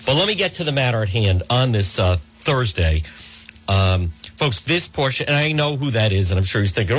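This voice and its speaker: A man's voice: mid-range voice, very animated, moderate pace, a bit bright. A man hosting a talk radio show, delivering a rambling, sarcastic monologue full of mock quotes and asides into a studio microphone.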